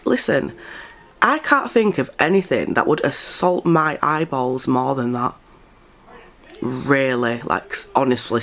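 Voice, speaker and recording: A woman giving blunt, incredulous gossip commentary and swearing freely. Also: low-pitched. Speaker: commentary vlogger.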